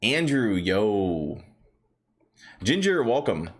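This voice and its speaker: A man's voice: lowish voice, very animated, extremely slow. A man hosting a casual stock market livestream, chatty and upbeat, greeting viewers by name and telling rambling stories with lots of fillers. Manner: rambling storytelling with many fillers.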